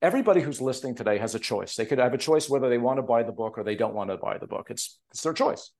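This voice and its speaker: This Canadian TV producer and author fires off words rapidly at a medium pitch, animatedly telling emotional stories in a casual podcast interview done over a remote connection.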